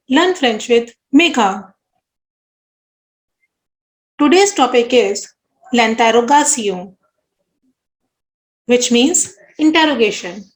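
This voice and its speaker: A woman teaching a French lesson in English, explaining slowly and carefully, with French example sentences. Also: sits high, echoey room, low-quality recording. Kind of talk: scripted language lesson.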